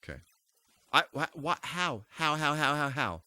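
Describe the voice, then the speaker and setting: A man's voice: fairly high pitch, very animated, normal speed, sharp tone, dry recording. A man giving live commentary while playing a game, breaking into goofy exclamations and mock-formal asides. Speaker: streamer.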